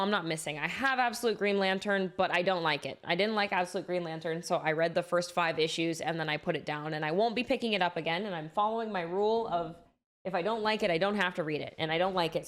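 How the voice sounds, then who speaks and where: A woman's voice: fairly low pitch, quick pace. Enthusiastic, chatty woman streamer. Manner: enthusiastic, chatty, swears freely. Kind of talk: casual chat about comics.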